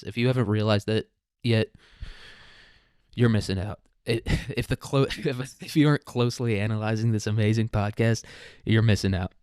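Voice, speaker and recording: A man's voice: medium pitch, smooth, no echo, studio quality. A man hosting a casual history podcast alone, rambling with crude, self-mocking jokes. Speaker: podcast host.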